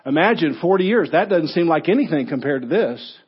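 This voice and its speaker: A man pastor delivering a sermon, telling stories animatedly and moving between quiet points and loud exclamations. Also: on the high side, animated, a little fast, slightly rough, highs cut off.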